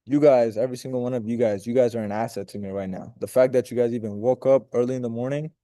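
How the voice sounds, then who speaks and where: A man's voice: medium pitch, fairly even intonation, quick pace, dark tone, dry recording, studio quality. A man leading a group video call, giving a casual, rambling motivational talk with profanity and direct questions to his listeners.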